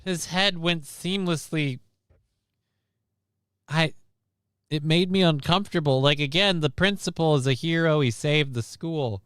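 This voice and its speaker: A man hosting a live stream who wanders off into sarcastic, rambling asides about the news. His voice is smooth and clean, and he sits close to the mic in a completely dead, dry space with no room sound. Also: on the high side, measured pace, long pauses, a bit bright, dry recording. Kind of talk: casual news commentary.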